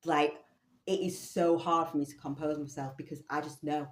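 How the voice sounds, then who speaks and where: Low-voiced woman telling a story. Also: brisk, reverberant. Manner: animated, swears casually. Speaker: vlogger. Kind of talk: personal storytelling.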